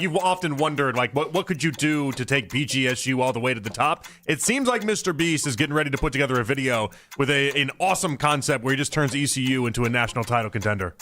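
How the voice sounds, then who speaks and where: A man's voice: mid-range voice, bright, forceful tone, a little hiss or hum. A man hosting a sports talk radio show, opinionated and outspoken in casual banter.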